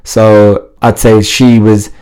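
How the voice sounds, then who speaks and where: A man who hosts a fitness TV show, chatting as a podcast guest and telling lively stories with frequent laughs. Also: on the low side, slow pace. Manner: animated storytelling, laughs often, restarts sentences. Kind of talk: casual interview chat.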